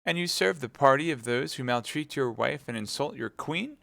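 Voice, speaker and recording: Casting: man voicing a scornful young wife, pitched up from a low, gravelly base, dry close sound. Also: expressive, moderate pace, fairly bright tone, no echo. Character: young woman, spirited, scornful of husband.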